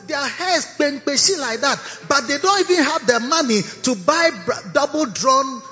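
In a cathedral sanctuary, a man with a very high-pitched, animated, slightly bright voice preaches at a moderate pace as bishop and pastor. He teases and scolds his congregation, laughing mid-sentence. The echoey hall comes through dull and lo-fi, with faint music behind him.

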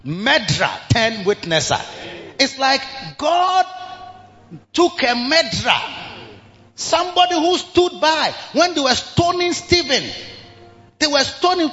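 A man's voice: very high-pitched, very animated, unhurried, a bit bright. A man preaching a sermon, dramatically acting out scenes and repeating call-outs. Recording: muffled hall sound with music.

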